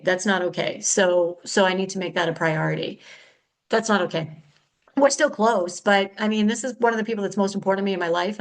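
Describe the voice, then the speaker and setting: A woman's voice: mid-range voice, fairly bright tone, rough recording. A middle-aged woman hosting her own podcast, talking in a candid, chatty way that is a little frenetic and full of self-corrections. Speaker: podcast host. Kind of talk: casual solo podcast talk.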